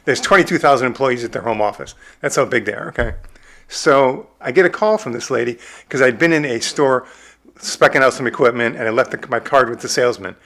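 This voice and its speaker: Man, 60s, from the Midwest, rapid animated storyteller, middle pitch, interview guest. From American Midwest. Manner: animated storyteller who acts out his own quotes. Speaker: film director and producer, interview guest.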